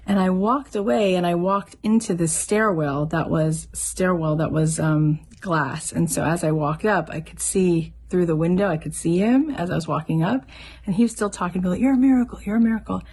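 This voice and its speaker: Woman, middle-aged, podcast host, earnest motivational talk, lowish voice. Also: slightly rough. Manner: warm, earnest, storytelling.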